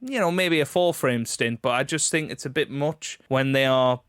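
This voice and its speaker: Smooth-voiced man co-hosting a podcast. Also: mid-range voice, moderate pace, a bit bright, dry recording, clean studio sound. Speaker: podcast co-host. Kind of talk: casual chat.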